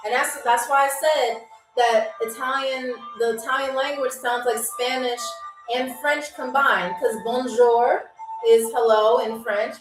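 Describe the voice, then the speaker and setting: High-voiced chatty woman livestream host. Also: steady tone, unhurried. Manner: chatty, teasing, reads viewer comments aloud. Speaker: game show host on a livestream. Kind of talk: casual live-stream chat. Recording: roomy echo, distant from mic, faint music.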